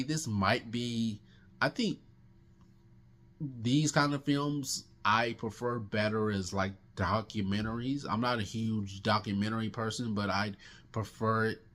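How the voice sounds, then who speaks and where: A man with a fairly low voice talks through his monthly movie reviews in a loose, unscripted way. He restarts sentences often and leans on fillers as he gives his star ratings. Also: a bit bright. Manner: rambling, many restarts and fillers. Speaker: film reviewer.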